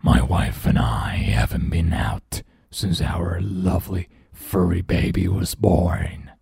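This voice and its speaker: A man voicing a scary monster father in a storybook, speaking in a hushed, breathy growl from a distance. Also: low-pitched, slow, no room sound, heavily acted. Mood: spooky.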